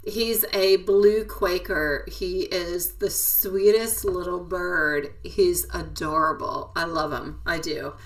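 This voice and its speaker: Woman tarot reader, live-stream chat, giggly and affectionate, slow-paced, a bit off-mic. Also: fairly low pitch, fairly even intonation, recorded from a distance.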